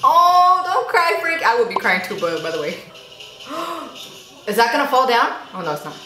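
A young woman giving casual reaction commentary, chatty and quick to exclaim and gasp. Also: medium pitch, sing-song, music in the background. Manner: chatty, exclaims and gasps often. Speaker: YouTube reactor. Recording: echoey room with faint noise.

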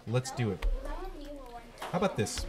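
A man teaching a class and hosting the show, asking questions in a relaxed, playful, teasing way. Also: mid-range voice, measured pace, over music.

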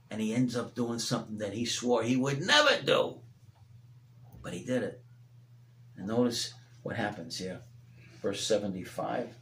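A man preaching a sermon as pastor, swinging between loud emphatic peaks and hushed low passages. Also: sing-song, normal speed, pauses often, reverberant, a little hiss or hum. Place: church sanctuary.

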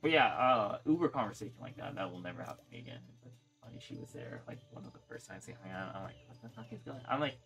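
Young male streamer, casual and rambling, swings lively in pitch as he talks. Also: fast talker, faint music behind. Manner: rambling storyteller, swears freely, restarts often. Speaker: gaming streamer. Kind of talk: casual chat while playing.

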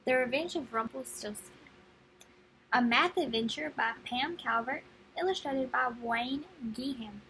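A young woman reading a children's picture book aloud, friendly and expressive. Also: high voice, measured pace, a little hiss or hum, rough recording. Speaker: read-aloud narrator.

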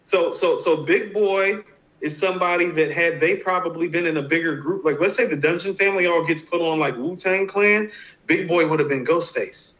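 A man's voice: on the high side, moderate pace, a bit bright. A man co-hosting a podcast, arguing his points in an emphatic, insistent way during a casual debate. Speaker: podcast co-host. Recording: roomy, dull lo-fi sound.

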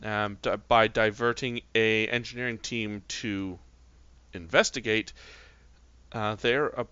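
Male game master, bright tone, halting narration, dry muffled recording. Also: on the low side, clear, resonant tone, no room sound. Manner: relaxed, hesitant narration with many fillers.

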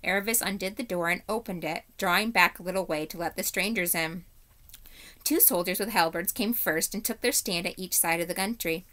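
A woman teacher reading a chapter book aloud to young children, with clear, steady storytelling. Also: fairly low pitch, brisk.

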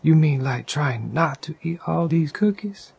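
A man's voice: a little high, expressive, a little slow, creaky, darkish tone, slightly rough, no room sound, pitched above the performer's own voice, full character voice. A man doing a greedy, wheedling toad in whispered role-play. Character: greedy, pleading male toad, childlike. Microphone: condenser microphone.

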